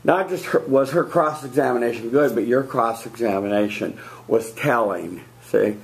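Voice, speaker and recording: A man's voice: mid-range voice, normal speed, creaky. Blunt male debate coach. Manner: blunt, direct, lively emphasis. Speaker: debate coach giving feedback. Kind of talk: spoken critique in class. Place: classroom.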